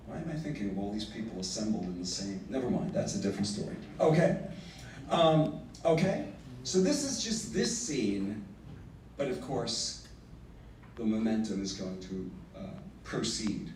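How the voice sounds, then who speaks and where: A man teaching a livestreamed literature lesson, animated and reading verse slowly and dramatically. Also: mid-range voice, slight background noise. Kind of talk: livestreamed lecture. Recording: roomy, from far off the mic.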